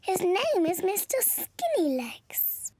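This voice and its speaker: A cheerful, bossy little girl pig from a children's cartoon. She talks in a very high, sing-song voice. Her delivery is slow and eager. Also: wildly swooping pitch, background noise, full character voice. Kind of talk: cartoon voice acting.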